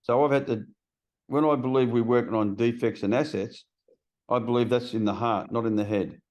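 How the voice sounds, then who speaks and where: A middle-aged man with an Australian accent tells his story bluntly over a video call, swearing freely as he goes. His voice sits at an ordinary middle pitch and his tone stays plain and direct. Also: fairly even intonation, normal speed, darkish tone, lo-fi sound. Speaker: guest in recovery. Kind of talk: casual storytelling chat.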